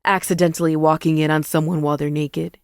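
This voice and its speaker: Woman doing a sly flirty guy, low gravelly voice, dry close sound. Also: moderate pace, warm tone, dry recording, close to an everyday voice. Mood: teasing. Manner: sly and conspiratorial.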